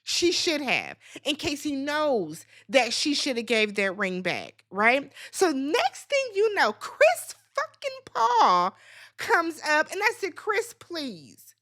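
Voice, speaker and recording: High-pitched woman ranting thru a reality show recap, super expressive, sassy, swears a lot. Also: measured pace, few pauses. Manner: blunt, sassy and profane; talks straight to the people on the show.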